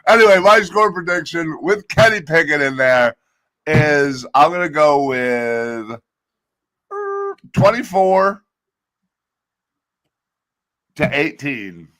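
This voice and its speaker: A man with a groggy voice co-hosting a casual sports podcast, talking bluntly with profane, animated rants. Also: on the high side, slow. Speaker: podcast co-host.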